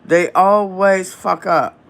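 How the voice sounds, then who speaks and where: A man goes live from home on his phone and rants in a casual, profane way. His voice sits a little high and bright, and he draws his words out slowly. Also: fairly even intonation, gravelly. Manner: heated, profanity-laden, drawn-out phrasing. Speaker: livestream host.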